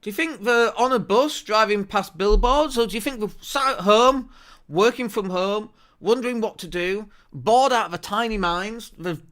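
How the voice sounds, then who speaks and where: A man hosting a marketing show, talking straight to a desk camera. His voice sits high and rings bright and forceful. He presses his points home with energetic emphasis. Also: moderate pace. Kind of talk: to-camera business talk.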